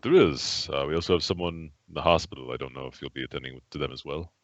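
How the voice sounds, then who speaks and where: A man's voice: extremely low pitch, fast, pitched below the performer's own voice. A man voicing a reserved, courteous male ship captain who speaks stiffly and formally.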